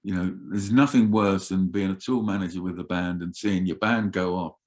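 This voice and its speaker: An older man telling roadie stories in an animated, swearing way as an interview guest. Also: deep voice, normal speed. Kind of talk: casual storytelling.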